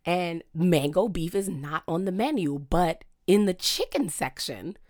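A woman with a notably low, deep voice tells a story in a relaxed podcast chat. She is animated and keeps slipping into quoted dialogue with a lot of "I'm just like.". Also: measured pace. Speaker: podcast co-host.

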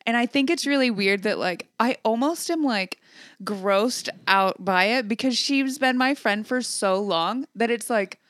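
A woman's voice: on the high side, measured pace, fairly bright tone, dry recording, clean studio sound. A woman in her twenties chatting casually as a podcast co-host, swearing freely, laughing often and acting out what people said. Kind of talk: casual chat.

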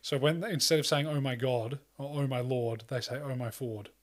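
A man's voice: medium pitch, fairly even intonation, normal speed. A man talking casually in a rambling way, full of fillers and swearing, acting out quoted lines. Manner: acts out quoted lines in a loose voice. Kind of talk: casual chat.

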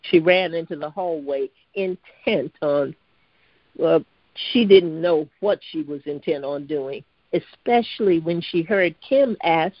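A woman reads a story aloud in a steady, measured voice and now and then trips over a word. The recording is dry with no room sound, and its tone is a bit dull and lo-fi. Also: low-pitched, no echo. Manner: steady, even reading with occasional stumbles. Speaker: narrator. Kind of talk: storybook narration read aloud.

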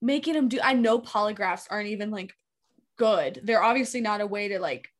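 A woman co-hosting a true-crime podcast, reacting in casual chat, exasperated and quick to laugh. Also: mid-range voice. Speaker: podcast co-host.

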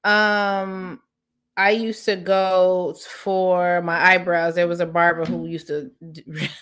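A woman's voice: lowish voice, level tone, takes it slowly, a bit bright, clean tone. A woman co-hosting a casual chat podcast, blunt and profane, laughing easily. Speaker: podcast co-host.

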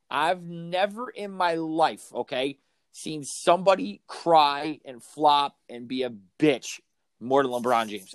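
A middle-aged man who coaches kids' sports takes his time in a fairly high, expressive voice with no room sound. His podcast talk is a profane basketball rant, heated and emphatic, pounding each point with heavy swearing.

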